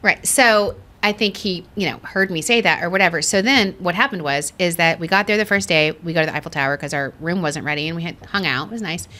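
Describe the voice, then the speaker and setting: A woman's voice: lowish voice, fast talker, hardly any pauses. A woman, co-hosting a podcast and telling a story with lots of acted-out quotes. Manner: animated storyteller, acts out quotes. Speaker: podcast co-host. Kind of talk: casual chat.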